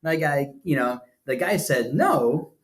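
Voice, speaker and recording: A man's voice: on the high side, expressive, measured pace. A man co-hosting a podcast, casual chat, rambling and repeating himself as he tells a story. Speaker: podcast co-host.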